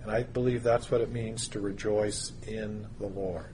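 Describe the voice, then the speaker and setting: A man preaching a sermon, teaching through a Bible passage in a measured way with pauses and stressed words. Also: on the low side, fairly even intonation, a little mellow, slight background noise.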